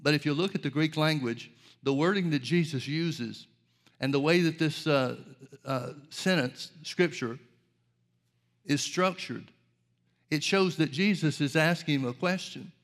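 A man's voice: a little high, unhurried. A man preaching a sermon, earnest and direct, asking rhetorical questions and addressing his listeners as folks.

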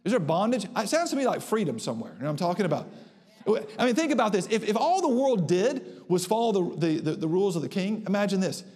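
A man preaching a sermon to a congregation, emphatic, slowing down and rising in pitch to drive home his points. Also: sing-song, darkish tone. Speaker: pastor. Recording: long reverb of a church hall.

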